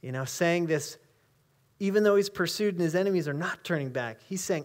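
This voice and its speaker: A male pastor with an American accent, preaching a conversational sermon in a church and reading scripture slowly with emphasis. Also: fairly high pitch. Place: church sanctuary.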